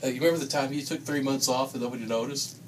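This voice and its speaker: A man's voice: mid-range voice, very fast. Man deadpanning jokes in a noisy room. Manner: dry, deadpan joking. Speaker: coworker giving a roast. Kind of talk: joking roast.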